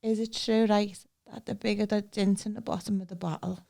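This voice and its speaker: A woman's voice: medium pitch, brisk, creaky. A woman, co-hosting a podcast and telling funny stories in a casual chat, doing voices of the people in them. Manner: lively, animated impressions of people in her stories. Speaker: podcast co-host.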